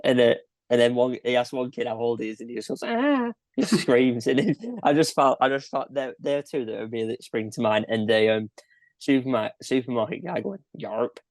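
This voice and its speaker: A man's voice: mid-range voice, steady tone, fairly quick, darkish tone, no echo. A young man co-hosting a casual film podcast, laid-back and laughing often. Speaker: podcast co-host. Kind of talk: casual film-review chat.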